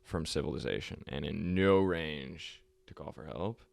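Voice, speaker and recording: A man's voice: very deep voice, a little slow, creaky, no room sound. A young man hosting a podcast, telling a history story in a loose, profane, rambling way and laughing often. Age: young adult. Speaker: podcast host. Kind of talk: casual storytelling chat.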